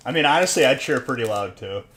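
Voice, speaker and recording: A man's voice: mid-range voice, fairly bright tone. A man hosting a casual livestream, bantering and joking with chat and counting scores aloud. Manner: joking banter with chat, says "dude" a lot. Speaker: livestream host opening trading card packs.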